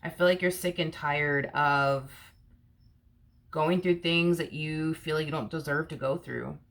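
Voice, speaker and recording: A woman's voice: sits low, steady tone, unhurried. A woman giving a casual tarot reading to camera, repeating herself with rhetorical questions and many fillers. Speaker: tarot reader.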